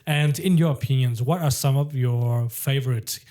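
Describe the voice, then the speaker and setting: A man's voice: medium pitch, dark tone. Man hosting a casual film chat. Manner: measured, hesitant with "uh" and "um". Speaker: podcast host.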